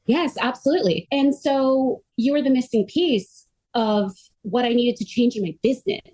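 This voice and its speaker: A middle-aged woman telling her story as a podcast guest, earnest and animated, full of "like" fillers. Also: a little high, moderate pace. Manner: earnest and animated, frequent "like" fillers, quotes others in her own voice. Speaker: podcast guest, myofascial release therapist. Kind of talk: conversational interview storytelling.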